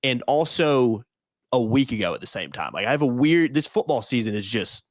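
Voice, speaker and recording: A man in his thirties co-hosting a casual sports podcast, quick and agreeable, filling in with a lot of yeahs. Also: medium pitch, sing-song, dry recording. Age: 30s. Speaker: podcast co-host.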